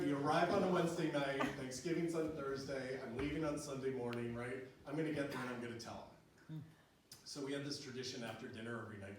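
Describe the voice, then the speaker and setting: A middle-aged man telling a personal story live on stage, chatty and laughing often, with lots of fillers. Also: medium pitch. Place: small venue with live audience. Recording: very echoey room, distant mic, audience noise.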